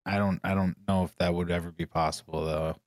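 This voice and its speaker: A man's voice: sits low, little pitch movement, fairly quick, no echo, clean studio sound. A man co-hosting a podcast, laid-back, tossing in questions and laughing along. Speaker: podcast co-host. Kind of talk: casual podcast banter.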